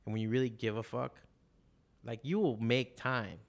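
A middle-aged comic artist who owns an art shop chats casually on a podcast, swearing freely as he talks about passion and drawing. His voice is medium in pitch with vocal fry, and he moves at a moderate pace, telling stories in an animated, profane way.

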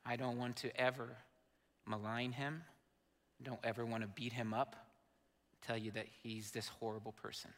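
A man's voice: mid-range voice, little pitch movement, moderate pace, pauses often, a bit bright. A man in his fifties, a pastor telling an emotional personal story in a sermon. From Indiana, USA. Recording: long hall reverb.

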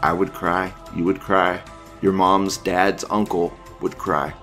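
A man's voice: low voice, steady tone, takes it slowly, sharp tone, soft background music. A man hosting a casual stream, reading forum posts aloud, profane and offhand, laughing often. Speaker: livestream news host.

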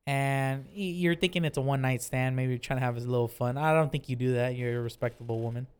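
A man's voice: medium pitch, steady tone, quick pace, clean tone. A man hosting a casual drinking podcast, teasing his guest with hypotheticals. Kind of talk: casual chat over drinks.

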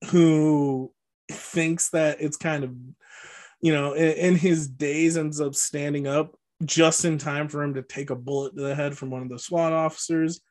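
A man's voice: on the high side, steady tone, unhurried, darkish tone. A man co-hosting a podcast, casually recapping a movie plot with lots of fillers and frequent laughs. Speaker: podcast co-host.

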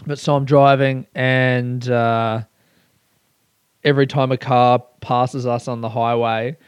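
A man's voice: mid-range voice, level tone, takes it slowly, smooth. A young man hosting a solo podcast, rambling candidly, swearing freely and laughing at himself. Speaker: podcast host.

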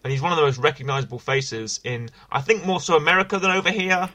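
A man's voice: on the high side, quick pace, sharp tone. A man hosting a casual podcast, chatty and upbeat with lots of fillers. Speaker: podcast host.

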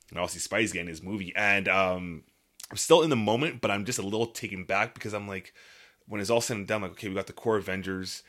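A man co-hosting a podcast, reviewing a film in casual chat, excitable and emphatic. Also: low-pitched. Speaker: podcast co-host.

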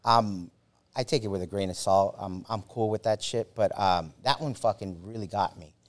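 A man in his forties with a fairly low voice tells a story as a podcast guest. He talks in a casual, halting way, swearing often and restarting his sentences, with plenty of fillers. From United States. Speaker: former Army Ranger.

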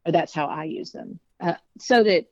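A woman's voice: fairly low pitch, moderate pace, a little mellow, no echo, muffled recording. A woman singer speaking as an interview guest, chatty and frank, with many fillers. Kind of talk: casual interview talk.

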